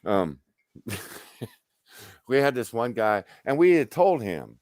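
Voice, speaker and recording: A man's voice: medium pitch, takes it slowly, long pauses, dry recording, studio quality. A man telling stories casually as a guest, swearing freely and acting out what people said. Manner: animated, profane, acts out quoted dialogue. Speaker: guest on a stream. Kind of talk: casual storytelling.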